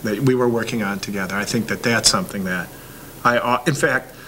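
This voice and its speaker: Father talking with a bright voice. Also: fairly low pitch, a little fast, slight background noise, poor audio. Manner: reflective, with restarts. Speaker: parent. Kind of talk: casual interview.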